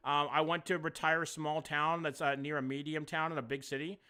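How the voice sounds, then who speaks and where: A young man, doing live-stream commentary, reacting to chat in a jokey, profane, animated way. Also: on the high side, fairly quick, clean tone.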